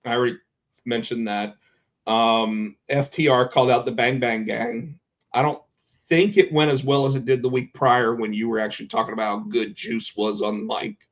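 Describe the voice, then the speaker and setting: A man hosting a podcast in casual chat, animated and quick to swear. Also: mid-range voice. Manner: animated, swears, acts out quotes. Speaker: podcast host. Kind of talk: casual chat about pro wrestling. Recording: dull lo-fi sound.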